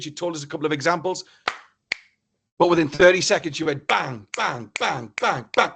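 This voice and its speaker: A man from northeast England giving a motivational keynote talk, telling a story in an animated, theatrical way. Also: on the high side, normal speed. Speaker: keynote speaker.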